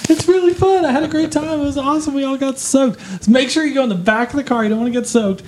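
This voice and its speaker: A man's voice: very high voice, fast, background noise, voice pushed up. A man putting on a bubbly Texan mom. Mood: chatty. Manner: bubbly, gushing small talk. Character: chatty friendly Texan mom on a trip.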